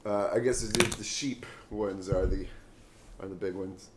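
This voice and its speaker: A man's voice: on the low side, moderate pace, noisy background. A man co-hosting a podcast in crude casual banter, joking, trailing off and laughing often. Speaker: podcast co-host.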